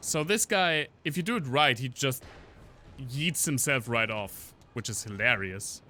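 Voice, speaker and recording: A man's voice: mid-range voice, expressive, a little slow, bright, forceful tone. A man casually commenting on a game stream, joking and chatting with his viewers while he plays. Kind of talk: casual gameplay commentary to chat.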